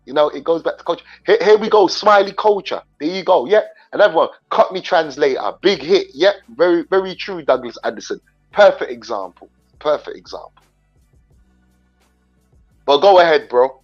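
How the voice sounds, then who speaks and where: A fairly high-voiced man from England, hosts a casual chat. He tells animated stories and slips into quick impressions of others. The audio is dull and lo-fi, with faint music running underneath. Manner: animated storyteller, mimics voices, laughs often. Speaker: host.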